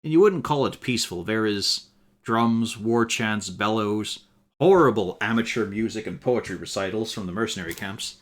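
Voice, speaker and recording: A man's voice: on the low side, normal speed. A man narrating a tabletop game as game master on a live stream, in a dry, wry style with casual profanity.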